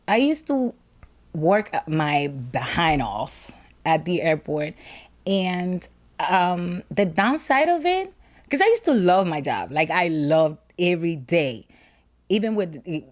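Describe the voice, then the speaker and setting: A woman guest in a casual chat, playful and sassy, acting out the people in her stories. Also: lowish voice. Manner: playful, sassy storyteller who acts out voices. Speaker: guest, makeup entrepreneur.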